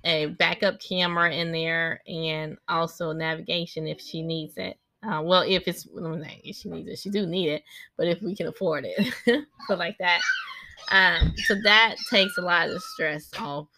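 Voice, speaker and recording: A woman's voice: lowish voice, sing-song, normal speed, sharp tone. A woman in her thirties chatting casually about family life, rambling and breaking off now and then to direct her kids. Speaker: mother recording a podcast vlog. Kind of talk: casual personal chat.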